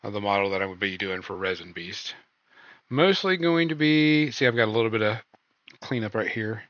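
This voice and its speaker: A man's voice: on the low side, animated, moderate pace, no room sound, muffled recording. A man hosting a casual stream chat, loose and rambling, full of ums and uhs. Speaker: podcast host.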